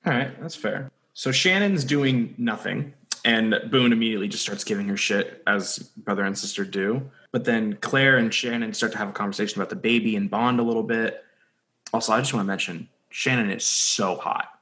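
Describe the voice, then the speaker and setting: A man's voice: lowish voice, brisk, bright, forceful tone. A young man co-hosting a podcast, recapping a TV episode in a jokey, rambling way with lots of fillers. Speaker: podcast co-host. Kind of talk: casual chat recapping a TV episode.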